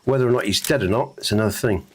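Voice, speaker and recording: A man's voice: lowish voice, racing, breathy edge. A laid-back man from Scotland hosting a hunting game stream, swearing often and laughing easily. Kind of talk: casual gaming chat.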